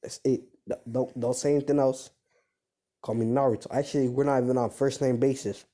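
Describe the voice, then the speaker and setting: A man's voice: medium pitch, steady tone, a little fast, mellow, close to an everyday voice. A man voicing a cold, menacing young male hero who speaks in curt, blunt threats. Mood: threatening.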